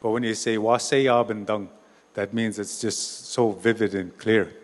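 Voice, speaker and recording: A man's voice: lowish voice, steady tone, normal speed, big-room sound. A man telling an oral story at a gathering, informal, restarting words and tossing in "eh". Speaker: storyteller and speaker at a treaty gathering.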